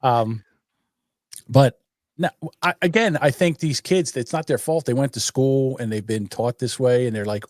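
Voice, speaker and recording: An older man co-hosting a podcast, teasing and animated in crude banter. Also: medium pitch, moderate pace, no room sound, clean studio sound. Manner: animated, teasing, does mocking voices. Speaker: podcast co-host. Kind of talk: crude casual political banter.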